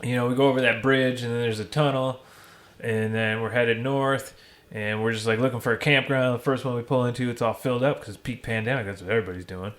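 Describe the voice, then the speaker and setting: An easygoing man chatting on a podcast, a middle-of-the-road voice neither high nor low. He rambles through stories, swearing freely and acting out what people said. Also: steady tone, fast, a bit bright. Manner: rambling profane storyteller. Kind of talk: casual podcast chat.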